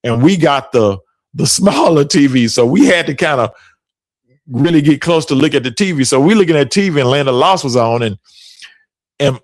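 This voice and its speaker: Middle-aged man, podcast host, casual storytelling, laughs often, pitch swinging all over, dry sound. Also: dry recording. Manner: animated, laughs often while telling stories.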